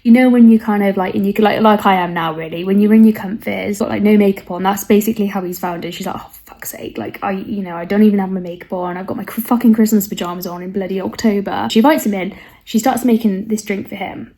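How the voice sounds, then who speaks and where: A young woman chatting casually on a book vlog, a bit husky from a cold, rambling and self-deprecating with asides to the viewer. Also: mid-range voice, fairly even intonation, fast, mellow. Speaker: book vlogger.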